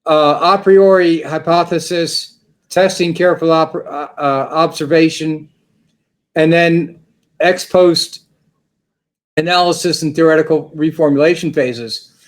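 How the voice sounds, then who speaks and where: Higher-pitched man, halting academic talk. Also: fairly even intonation. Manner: academic, pausing on repeated words. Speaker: podcast talk guest. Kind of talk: unscripted conversation.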